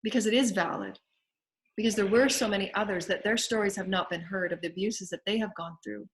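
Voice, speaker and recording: Southern lady spiritual healer, repeats her affirmations over and over like a chant, mid pitch. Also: animated, a little fast. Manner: repetitive, incantatory phrasing. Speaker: spiritual healer hosting a live show. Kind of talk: guided spiritual affirmations and prayer.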